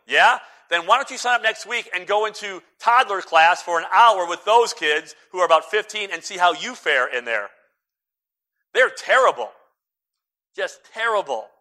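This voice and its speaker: A man preaching a sermon as pastor, jumping between loud emphatic lines and quiet hushed asides, with a few jokes. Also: fairly high pitch.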